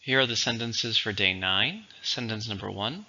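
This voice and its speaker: A man teaching English vocabulary in a slow, deliberate lesson, spelling out syllables and stress. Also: on the low side, animated, vocal fry, bright, forceful tone, muffled recording. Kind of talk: recorded vocabulary lesson and dictation.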